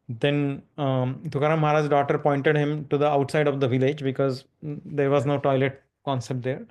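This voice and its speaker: A man telling a devotional story in a scripture class, animated, with frequent fillers and restarts. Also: on the high side, moderate pace, few pauses, clean tone. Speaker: class speaker.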